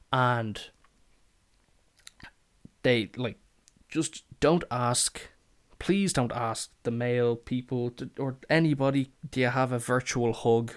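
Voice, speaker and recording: A man hosting a podcast, telling a sweary, exasperated story and acting out both sides of the exchange. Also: medium pitch. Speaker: podcast host. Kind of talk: casual storytelling rant.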